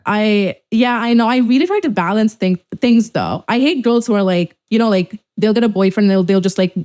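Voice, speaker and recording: A young woman hosting a podcast in casual chat, talking fast and loose, swearing freely and acting out what others said. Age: young adult. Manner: animated, swears freely, acts out quoted people in a higher voice. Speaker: podcast host.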